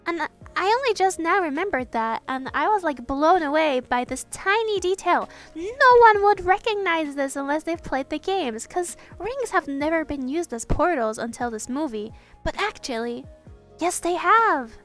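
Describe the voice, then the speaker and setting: A young woman with a high, bright-sounding voice chats casually in a home-recorded voiceover. She gushes like an excited fan and drops the odd swear word. Soft music plays faintly underneath. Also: normal speed. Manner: excitable fangirl gushing, swears casually, laughs often. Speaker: artist narrating a speedpaint. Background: soft background music.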